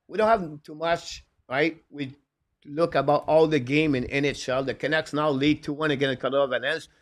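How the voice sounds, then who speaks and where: A man with a slightly high, steady voice hosts a live hockey stream and reads viewer comments aloud. His English is broken and non-native, and he speaks haltingly, constantly filling gaps with "uh."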